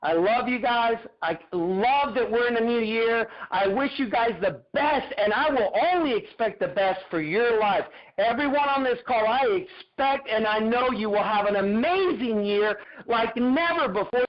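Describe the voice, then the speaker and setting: A man's voice: very high voice, moderate pace, hardly any pauses, highs cut off. A man giving a fervent, preacher-like motivational talk on a group video call, repeating his phrases. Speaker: motivational speaker.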